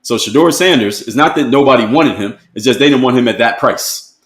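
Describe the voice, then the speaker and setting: A man's voice: medium pitch, a little fast, fairly bright tone, roomy sound. A man, giving blunt, emphatic commentary to camera and repeating his key points. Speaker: motivational commentator.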